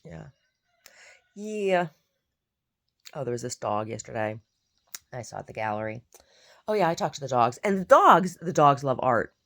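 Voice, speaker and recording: A woman chats casually to camera about her day. Her voice sits low with a gravelly fry, yet her pitch rises and falls in a lively way. She rambles and circles back over her own words. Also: moderate pace, long pauses. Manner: rambling, repeats herself, chatty. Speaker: painter vlogging her day. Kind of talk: casual chat.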